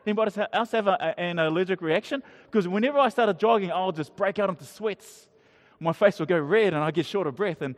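High-voiced man preaching casually in a hall. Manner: conversational, halting with many restarts and asides to the audience. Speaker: pastor. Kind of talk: casual sermon. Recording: long hall reverb.

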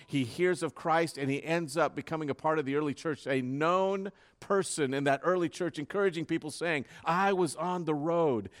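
Man preaching, fairly high voice, dramatic swings from hushed to loud, fervent sermon delivery. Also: clear, resonant tone.

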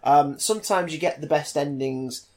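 A man's voice: a little high, normal speed, a crowd in the background. A man in casual podcast chat as co-host, talking animatedly with many fillers.

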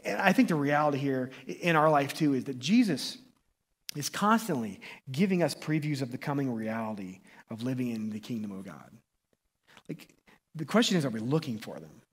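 A man preaching a sermon as pastor, casual and excitable, often restarting and tagging lines with "right?". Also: medium pitch, moderate pace, husky. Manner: conversational, excitable, frequent restarts and "right?" tags.

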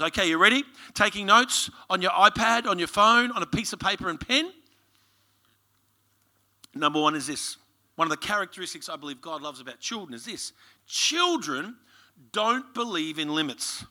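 A man with an Australian accent preaching a sermon, telling lively stories and calling out to the congregation. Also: sits high. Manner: lively storytelling, calls to the congregation. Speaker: pastor.

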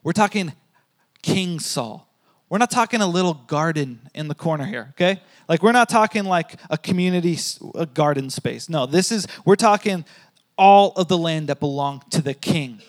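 A male pastor preaching a sermon, emphatic, repeating key phrases and swinging between loud and soft. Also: on the high side, expressive, normal speed. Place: church hall with a congregation.

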